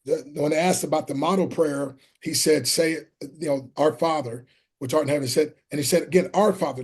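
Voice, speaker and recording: A man's voice: fairly high pitch, fairly quick, darkish tone, breathy edge. A middle-aged man, a motivational speaker and interview guest, who talks with fervent, preacherly emphasis and often quotes scripture. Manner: fervent, quotes scripture, calls the host "my friend". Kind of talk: preaching-style interview talk.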